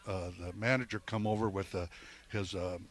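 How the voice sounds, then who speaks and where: A man's voice: sits low, fairly even intonation, normal speed. An older man, a former ballplayer, telling stories in a rambling way with many restarts during a live interview at an outdoor golf event. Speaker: former baseball player, guest.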